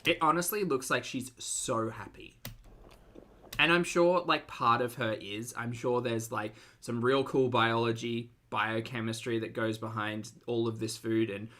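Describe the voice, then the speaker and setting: A man's voice: medium pitch, fairly even intonation, measured pace, sharp tone. A man giving blunt, casual live-stream commentary, full of fillers and swearing, reading out viewer chat as he goes.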